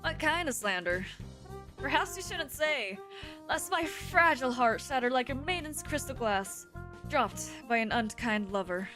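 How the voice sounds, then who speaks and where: A woman's voice: high-pitched, expressive, over music. A woman reading a visual novel aloud, voicing a flamboyant, charming male pigeon schoolboy who is theatrical and never bothered. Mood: playful. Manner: theatrical, drawn-out, flowery speech.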